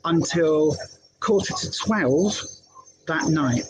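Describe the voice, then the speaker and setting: A middle-aged woman, casually telling a candid story live from her hospital bed, halting often with fillers and restarts. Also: low-pitched, low-quality recording. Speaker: health vlogger.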